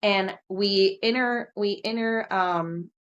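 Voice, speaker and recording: A woman co-hosting a podcast, telling a fishing story in casual chat, lively and swearing casually. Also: slow, muffled recording. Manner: animated, jumps high when quoting herself, swears casually. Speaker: podcast co-host.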